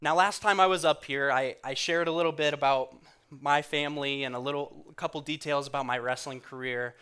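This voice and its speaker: A man preaching in a church, earnest and conversational, going quiet and soft when he quotes others. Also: a little high, fairly even intonation, a little fast, clean tone. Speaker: guest speaker in church. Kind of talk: sermon.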